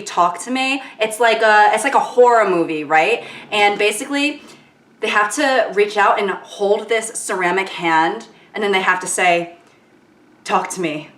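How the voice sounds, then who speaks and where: Woman vlogger, casual makeup chat, slightly high voice, rambling crude humor, echoey room at home. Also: a bit bright. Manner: chatty, rambling, crude jokes, lots of fillers. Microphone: camera mic, at times far from it.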